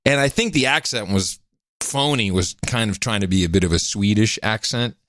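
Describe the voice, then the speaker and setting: A man co-hosting a podcast in casual chat, animated and fond of mimicking voices when he quotes people. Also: fairly low pitch, normal speed. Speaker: podcast co-host.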